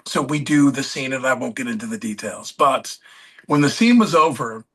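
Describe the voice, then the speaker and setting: A man as a podcast guest, telling rambling anecdotes and pausing to search for names mid-story. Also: mid-range voice, fairly bright tone, slightly rough.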